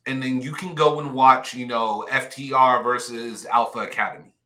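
A man on a casual wrestling podcast, recounting favorite matches in a measured, knowledgeable way. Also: medium pitch, sharp tone.

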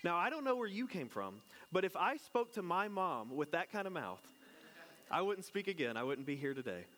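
A married pastor with children delivers a relaxed sermon in a high, sing-song, somewhat bright voice at a moderate pace, with a little hiss or hum in the background. He jokes around and repeatedly asks the congregation questions.

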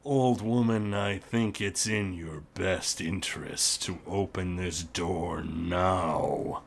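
A man voicing a gruff, menacing male orc boss who speaks low and slow through a door. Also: exaggerated voice.

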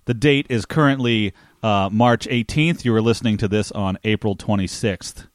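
A man's voice: on the low side, normal speed, no echo, clean studio sound. A young man co-hosting a casual podcast, chatty and rambling, laughing easily as he talks. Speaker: podcast co-host. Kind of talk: casual chat.

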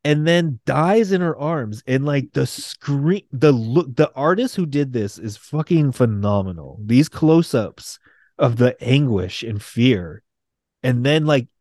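A young man, co-hosting a podcast, recapping comic books in a casual, excitable, profane way and acting out quotes. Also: medium pitch, slow, no room sound, studio quality. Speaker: podcast co-host.

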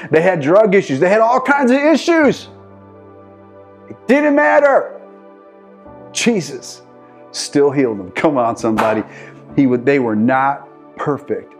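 A middle-aged man preaching a sermon with passion, swinging from loud, urging calls to hushed, intense storytelling. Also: on the high side. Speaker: pastor.

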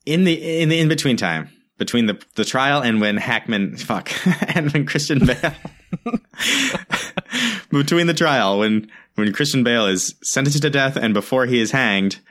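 A man recapping a film to a co-host in casual podcast chat, animated, cursing often and laughing. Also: mid-range voice.

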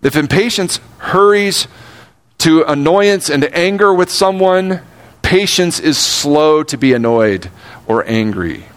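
An older man preaching a sermon, earnest, slowing down to stress key words and speeding up for asides. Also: a little high, expressive. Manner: earnest, shifts between slow emphatic phrasing and quick asides. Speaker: pastor.

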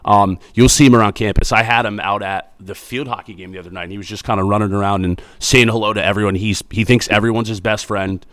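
Upbeat low-voiced man, chatty principal. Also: steady tone, fast talker, few pauses, fairly bright tone, dry recording. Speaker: school principal. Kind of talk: casual interview answers.

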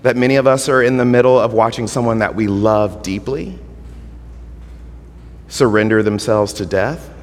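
A male pastor giving an earnest sermon. He swells to emphatic points, then drops quiet and stretches out his words. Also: fairly low pitch, moderate pace, pauses often. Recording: long hall reverb.

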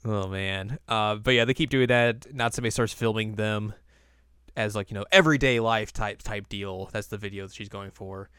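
A man's voice: fairly low pitch, moderate pace, sharp tone, clear, resonant tone, dry recording, clean studio sound. A young man hosting a podcast, casually recapping an episode and acting out lines in silly voices. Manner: chatty, acts out quotes in silly voices. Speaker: podcast host.

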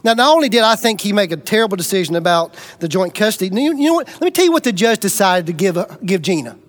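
A middle-aged man preaching to a congregation, telling a personal story with folksy humor, swinging between loud bursts and quiet intensity. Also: sits high, animated, fast talker. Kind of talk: storytelling sermon.

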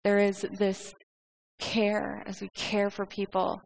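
A woman preaches in a loose, conversational manner. She speaks at a medium pitch, restarts often and repeats words as she goes. The delivery is animated and informal. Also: takes it slowly, gravelly, rough recording. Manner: animated, conversational, acts out quoted speech. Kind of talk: informal sermon.

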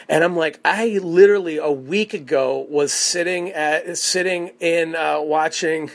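Gravelly, profane man telling stories. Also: on the high side. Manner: rambling, profane, animated storytelling with quick asides. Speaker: comedian podcast host. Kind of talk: casual storytelling monologue.

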